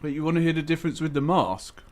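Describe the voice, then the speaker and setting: A man's voice: on the high side, expressive, quick pace. A man hosting a livestream, chatting casually and bluntly, laughing easily and swearing now and then. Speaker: livestream host. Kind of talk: casual chat. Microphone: headset.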